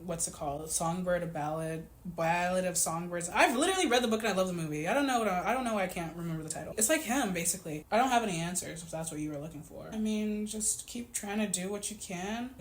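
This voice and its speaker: A woman in her twenties chatting casually to camera in a vlog, animated and full of "like". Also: on the low side. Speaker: vlogger. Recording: echoey room, faint background noise.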